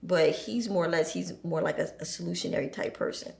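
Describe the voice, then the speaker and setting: A woman in her forties, a podcast guest, telling animated stories about her children and laughing often. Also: fairly low pitch, fairly quick, creaky, few pauses, roomy sound. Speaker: podcast guest, entrepreneur and single mother. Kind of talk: casual chat.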